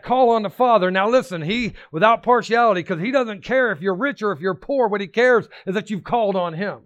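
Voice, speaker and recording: Preaching with a high-pitched voice, this pastor gets worked up, hammering phrases again and again and erupting now and then into shouts.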